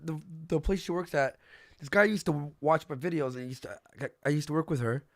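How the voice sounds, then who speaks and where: A man hosting a casual livestream, telling stories in an animated way, swearing and acting out the people he quotes. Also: a little high, brisk, vocal fry, dry recording, clean studio sound. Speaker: stream host.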